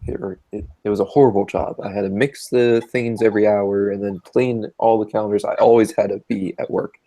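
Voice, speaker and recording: A man's voice: on the low side, flat delivery, fairly quick, mellow, poor audio. A young man hosting a livestream, laid-back, telling a work story and reading chat aloud. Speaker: livestream host. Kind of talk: casual chat.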